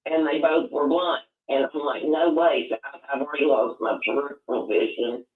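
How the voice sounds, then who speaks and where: A man calling in to a live talk show, speaking in a heartfelt, halting way. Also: medium pitch. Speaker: caller. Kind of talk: call-in show chat. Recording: tinny phone line, echoey.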